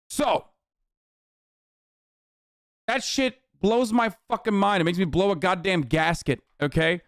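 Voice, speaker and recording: A man in his thirties ranting on a livestream, his voice high and clean. He swears constantly and drips sarcasm while mocking chat and critics. The sound is close and dry, with no room around it. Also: measured pace, pauses often, clean tone, no echo. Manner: profane, sarcastic, exasperated. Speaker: streamer reacting to clips and chat. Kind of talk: heated livestream rant.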